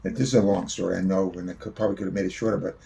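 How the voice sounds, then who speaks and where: Gravelly low-voiced man telling a story. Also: steady tone, racing, warm tone. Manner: long-winded, swears freely. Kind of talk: spoken personal anecdote.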